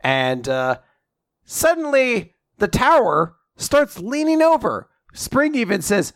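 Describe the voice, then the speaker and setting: A man in casual chat, animated and laughing often as he swears and acts out character lines. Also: extremely high pitch, slow pace, dry recording, clean studio sound. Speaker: podcast co-host. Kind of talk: casual chat recapping a comic.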